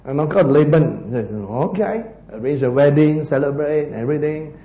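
A man preaching a sermon as pastor, telling a Bible story in an animated way with laughs and playful asides. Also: a little high, moderate pace, roomy sound, lo-fi sound.

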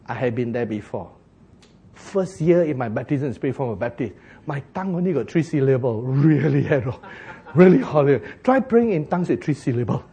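A man preaching a sermon, joking and laughing often and breaking into loud bursts. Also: a little high, slightly rough.

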